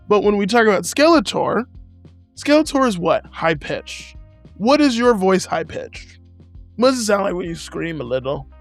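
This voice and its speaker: A man's voice: high voice, fairly bright tone. A man co-hosting a tabletop gaming show, chatting casually and laughing as he rambles about character voices. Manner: laughing, rambling, with many fillers.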